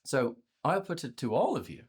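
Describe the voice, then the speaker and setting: A man presenting a workshop on communication to a virtual audience, conversational and animated, often repeating words as he restarts his sentences. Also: moderate pace, slightly rough. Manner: acts out inner voices with playful pitch jumps. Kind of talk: live talk to a virtual audience.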